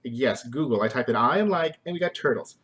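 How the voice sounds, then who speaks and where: A man's voice: medium pitch, animated, fairly quick, fairly bright tone, slightly rough. A man hosting a casual live stream from his kitchen, goofy and rambling, mocking himself and making up silly songs. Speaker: host. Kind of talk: casual live-stream chat with joke singing. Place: home kitchen.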